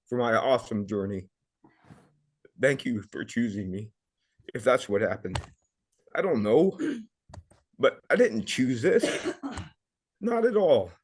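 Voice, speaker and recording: A middle-aged man, a podcast guest, telling a personal story in an earnest, emotional way, often repeating words. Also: mid-range voice.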